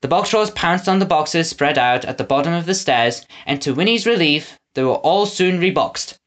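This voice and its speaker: A woman narrating a children's audiobook with an expressive reading style. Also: low-pitched, moderate pace. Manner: expressive reading, lively intonation. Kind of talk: storybook narration.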